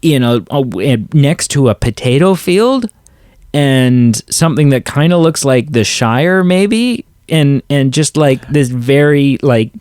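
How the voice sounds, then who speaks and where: A man's voice: medium pitch, expressive, slow, darkish tone, smooth, no room sound, clean studio sound. A man co-hosting a movie podcast, chatting casually with lots of restarts and fillers. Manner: rambling, many restarts and fillers. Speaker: podcast co-host. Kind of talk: casual chat.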